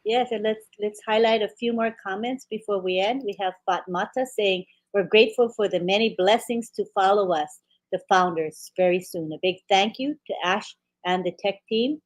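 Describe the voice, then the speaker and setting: Woman co-host, upbeat, reads viewer comments aloud one by one, mid pitch. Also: normal speed. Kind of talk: live webinar chat.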